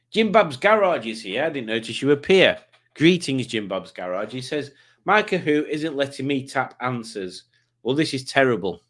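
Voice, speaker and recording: A man's voice: mid-range voice, a bit bright. A man hosting a casual livestream, chatting and joking while he reads viewer comments aloud. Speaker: livestream host.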